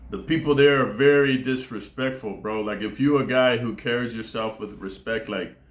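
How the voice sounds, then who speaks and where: A man's voice: mid-range voice, moderate pace, echoey room. An American man vlogging in a casual monologue, rambling and profane, constantly tossing in "dude" and "man". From United States.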